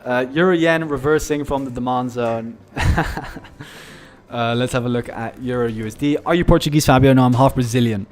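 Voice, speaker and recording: A man's voice: medium pitch, normal speed, soft background music. A man hosting a live trading stream, chatting casually and addressing viewers as guys.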